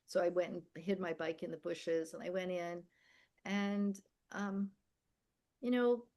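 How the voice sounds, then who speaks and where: Older guest woman, low voice, candid storytelling, emphatic and vivid. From America and the Philippines. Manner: vivid, emphatic storyteller who acts out quoted dialogue. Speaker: podcast guest.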